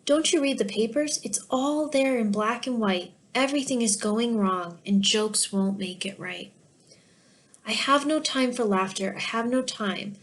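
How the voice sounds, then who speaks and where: A woman's voice: on the high side, measured pace, close to an everyday voice. A woman voicing a gloomy, cynical businessman who speaks bitterly and dismissively.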